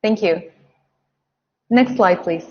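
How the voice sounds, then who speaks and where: Slow-speaking woman teaching English pronunciation. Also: medium pitch, highs cut off. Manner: slow, carefully exaggerated pronunciation drills. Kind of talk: online webinar lesson.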